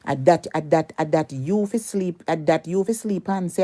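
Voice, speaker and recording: A woman's voice: fairly low pitch, moderate pace, warm tone. A Jamaican woman delivering a heated, cursing rant at a rival on social media, repeating her insults over and over.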